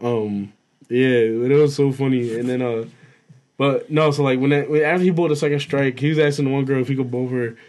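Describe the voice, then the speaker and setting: A man's voice: mid-range voice, steady tone, fairly quick, darkish tone. A young man casually telling a rowdy story to friends, full of laughter and swearing. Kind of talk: casual chat.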